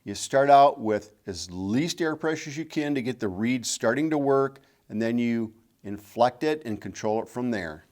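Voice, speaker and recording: A man's voice: medium pitch, expressive, normal speed, hardly any pauses, darkish tone. A middle-aged man teaching calling technique, patient and repeating key points. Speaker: game call instructor. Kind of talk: instructional demonstration.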